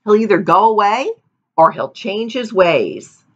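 This is a clever young boy , voiced by a woman reading a storybook aloud, eager and sure of himself as he lays out his plan. The voice sits higher and sings up and down. The recording sounds dull and lo-fi. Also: lively intonation, a little slow.

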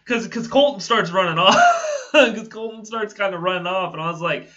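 A man's voice: high-pitched, big pitch swings, moderate pace, sharp tone, dull audio. A young man telling a casual story to his channel, rambling, laughing often and swearing freely. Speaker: vlogger.

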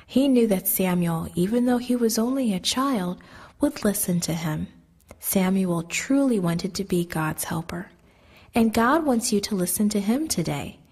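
Soft-spoken breathy woman telling a story. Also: lowish voice. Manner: soft, gentle, often whispering. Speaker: children's story reader. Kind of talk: children's Bible story narration.

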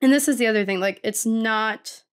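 A woman's voice: fairly high pitch, fairly quick, clear, resonant tone. A woman chatting casually as a podcast co-host and writer, rambling with lots of fillers and restarts. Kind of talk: casual chat.

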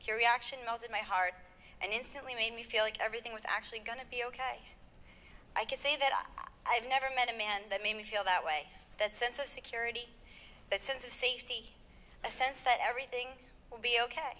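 Bright-voiced bride reading her vows. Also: a little high, steady tone, fairly quick. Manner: heartfelt, earnest, with light laughs. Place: wedding ceremony venue.

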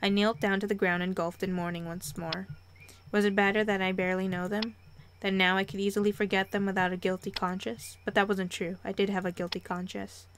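Expressive young woman reading a visual novel. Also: mid-range voice, fairly quick, a little hiss or hum. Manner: expressive, reads narration and reacts with excited squeals. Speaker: let's play host.

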